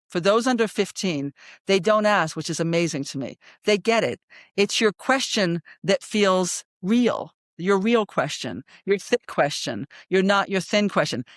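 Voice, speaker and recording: A woman in her sixties, a psychologist guest in an interview, telling stories in an animated, emphatic way and often checking in with "right?". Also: medium pitch, unhurried, no room sound, clean studio sound. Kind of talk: storytelling in a conversational interview.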